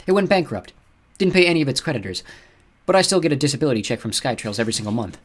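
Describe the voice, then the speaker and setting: A wary, haunted woman speaks softly and earnestly in a storybook, as a male reader raises his voice to put her on. The tone is husky and lively in pitch, careful rather than loud. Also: rapid-fire, lightly acted. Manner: soft, cautious and earnest. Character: guarded, haunted adult woman with a secret. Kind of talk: audiobook narration.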